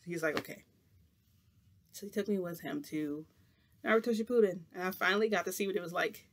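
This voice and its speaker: A man's voice: a little high, a bit bright. A man chatting to camera as a vlogger, telling a long rambling story full of "like" in a casual, chatty way.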